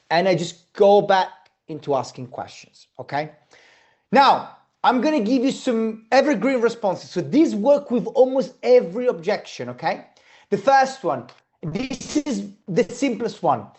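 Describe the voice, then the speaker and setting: A sales trainer teaches a class bluntly, swearing casually and frequently checking in with "okay?". His voice is high with a dark tone.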